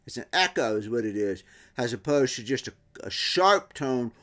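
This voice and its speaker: A man's voice: medium pitch, lively intonation, normal speed, a bit bright. A middle-aged man explaining guitar tap tones in a casual workshop talk, imitating the sounds with his voice and often restarting his sentences. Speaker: guitar builder.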